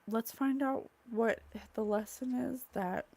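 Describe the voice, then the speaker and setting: A woman who is a psychic medium, speaking at home in a rambling, halting way and blurting out single words she says come from spirit. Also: on the high side, creaky, a little mellow. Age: adult, mother of a young child. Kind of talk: solo spirit channeling monologue. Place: at home, in a room with curtains and a candle.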